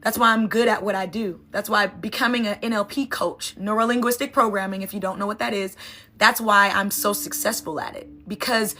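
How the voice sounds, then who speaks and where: A woman's voice: mid-range voice, steady tone, brisk, bright, forceful tone. A woman NLP coach and sound healer giving an emphatic, conversational motivational talk, often checking in with "right?".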